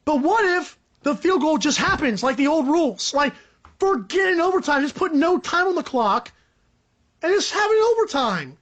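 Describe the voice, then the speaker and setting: A young man hosting a solo sports podcast, ranting in a rambling, animated, joking way. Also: normal speed, muffled recording. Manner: animated, rambling, joking, pitch jumps up for emphasis. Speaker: podcast host.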